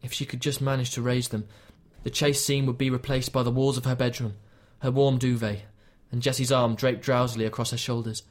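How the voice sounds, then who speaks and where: A man reading a novel aloud as an audiobook narrator, in a measured, even storytelling delivery. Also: medium pitch. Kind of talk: scripted narration.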